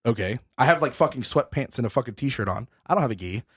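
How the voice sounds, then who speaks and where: A young man, a podcast host, telling a story in casual chat, animated and swearing a lot, still out of breath. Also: mid-range voice, fast talker.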